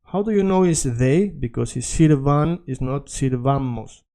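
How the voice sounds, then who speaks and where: Patient man teaching, dark voice. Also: mid-range voice, animated, measured pace. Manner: explains patiently, repeats words, checks in with "all right?". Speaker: Spanish teacher. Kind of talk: video language lesson.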